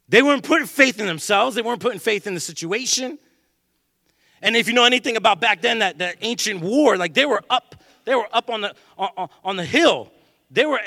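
A male pastor preaching a sermon in a church, animated and joking, acting out the voices of people he quotes. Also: high voice, no echo, studio quality.

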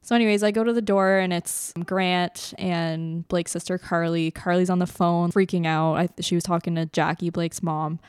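A woman's voice: fairly low pitch, fairly even intonation, normal speed, few pauses, clear, resonant tone, dry recording, studio quality. A young woman from Canada co-hosting a podcast, telling a personal story in a chatty way, with many fillers and laughs between lines. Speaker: podcast co-host. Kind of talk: casual storytelling.

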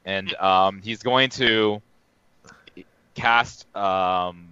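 A man playing a tabletop role-playing game, talking in a slow, low-key way. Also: steady tone, sharp tone, clean tone, dry recording, dull audio. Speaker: player. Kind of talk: casual tabletop play.

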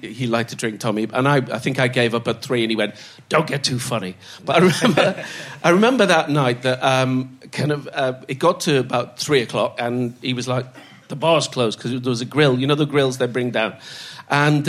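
A man's voice: mid-range voice, fairly even intonation, brisk, few pauses. An older man telling stories as a podcast guest, laughing as he goes and doing the voices of the people he quotes. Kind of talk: anecdotal storytelling.

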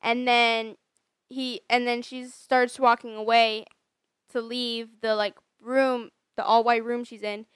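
Woman chatting about a movie, a bit high voice, smooth and clear, dry sound. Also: flat delivery, slow pace, fairly bright tone, dry recording. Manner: chatty, fills in plot details. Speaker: movie recap co-host. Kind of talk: casual chat.

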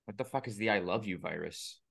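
A man's voice: fairly low pitch, a little fast, creaky, fairly bright tone. A man in his late twenties co-hosting a casual podcast, blunt and wisecracking with frequent swearing. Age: late 20s. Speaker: podcast co-host.

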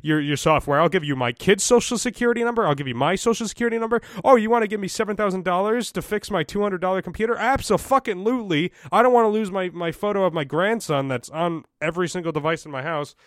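A man mocking a shrill, panicky old boomer. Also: fast talker, few pauses, dry recording, clean studio sound, lightly acted. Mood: gullible. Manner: shrill, squealing, exaggerated mockery.

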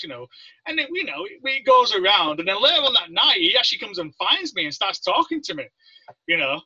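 High-voiced English man, animated storyteller. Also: a little fast, husky, no echo. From Leeds, England. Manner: animated, acts out quoted voices. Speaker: guest, Navy veteran. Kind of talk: casual interview storytelling. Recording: dry, dull lo-fi sound.

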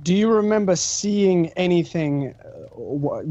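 A man in a tabletop game poses stiff, formal questions as an investigator. His voice is slightly high and mellow, and the recording sounds dull and lo-fi. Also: lively intonation, moderate pace, few pauses. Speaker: player. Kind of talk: role-playing an investigator.

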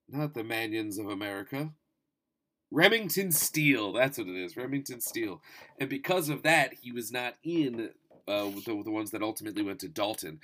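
A man in his thirties talking casually about movies, with wry asides, swearing, and sudden animated jumps in pitch and volume. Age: 30s. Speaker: movie reviewer. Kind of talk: casual spoken movie review.

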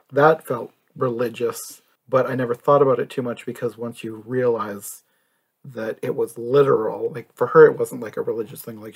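Husky-voiced man, casual podcast chat. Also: medium pitch, darkish tone. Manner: easygoing, laughs a lot, uses filler "like". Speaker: podcast co-host. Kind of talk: casual chat about a cartoon.

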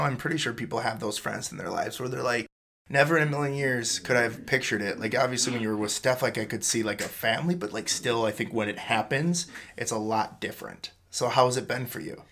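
A man with a voice of middle pitch hosts a laid-back conversation. He asks questions in an easy, friendly way, and his sentences are full of "like". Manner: relaxed, friendly, lots of "like". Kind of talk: casual chat.

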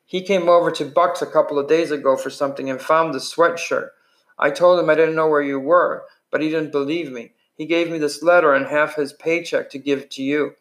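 A rough-voiced teenage greaser, cocky and blunt, ribbing the younger boys, as a man reading the book puts him on. His voice sits at an ordinary middle pitch for a man but often jumps higher when he snaps a remark. It comes across as a gruff storybook voice rather than a full performance. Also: steady tone, brisk, natural voice.

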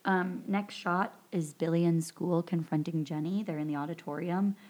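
A woman's voice: on the low side, fairly even intonation, normal speed, darkish tone. A woman podcast host casually retelling a movie plot, rambling with lots of fillers. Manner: rambling recap full of fillers and "like". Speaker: podcast host recapping a film. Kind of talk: casual chat.

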